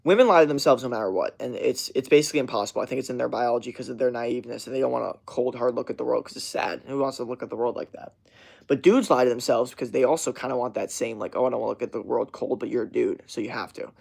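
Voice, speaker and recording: A man's voice: mid-range voice, fairly even intonation, fast, vocal fry, darkish tone. A young man streaming a casual rant to his chat, swearing constantly and rambling with many fillers and restarts.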